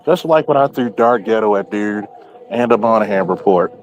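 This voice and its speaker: A man's voice: lowish voice, animated, moderate pace, a little mellow, lo-fi sound, soft background music. Man, casual podcast guest, blunt and profane, keeps quoting himself as he tells a story. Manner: quotes himself often.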